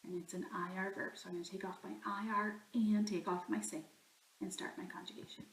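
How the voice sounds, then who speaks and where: A woman's voice: medium pitch, flat delivery, fairly quick, roomy sound, a little hiss or hum, low-quality recording. A woman teaching a recorded grammar lesson, explaining patiently step by step. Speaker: Spanish teacher.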